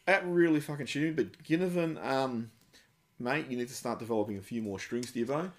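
A man's voice: medium pitch, fairly quick. A man co-hosting a casual sports podcast, blunt and sweary as he rants. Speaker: podcast co-host.

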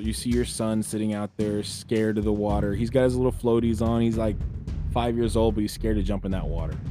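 A man's voice: mid-range voice, a little mellow. A man hosting a podcast, delivering an earnest, sermon-like spiritual monologue that exhorts listeners as brothers and sisters. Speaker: podcast host.

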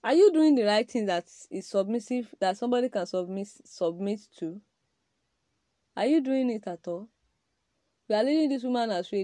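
Woman, podcast sermon style, emphatic, direct, mellow tone, dry recording. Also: mid-range voice, animated, normal speed, dry recording. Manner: emphatic, addresses men directly, rhetorical questions. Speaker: podcast speaker on marriage. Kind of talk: preaching-style talk.

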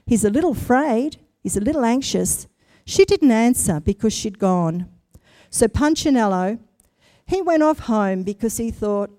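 A woman reading a children's story aloud, expressive and speaking directly to her young listeners. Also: fairly high pitch, unhurried, dry recording.

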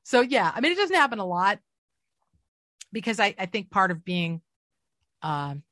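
A middle-aged woman speaks as a guest in a casual interview, swooping freely up and down in pitch. Her voice sits dry and close, with no room around it. She tells her stories with an animated, self-mocking humor. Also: normal speed, dry recording. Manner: animated, self-deprecating storyteller. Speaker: voice actor, guest.

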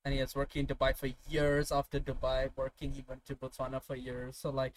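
A man's voice: medium pitch, completely flat delivery, brisk. A young man from India chatting casually, swearing freely and telling stories with laughter. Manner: profane, storytelling, laughs often. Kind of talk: casual chat.

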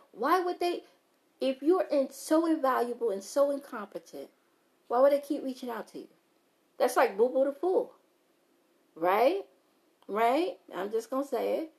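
A woman's voice: sits high, darkish tone. A woman giving an unscripted motivational talk, blunt and emphatic, repeating her key phrases and swearing freely. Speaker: motivational speaker.

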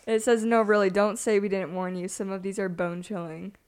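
Young woman reading creepy stories, hushed. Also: medium pitch, flat delivery, a little fast, clean tone. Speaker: podcast co-host. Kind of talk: reading scary stories aloud and casual chat.

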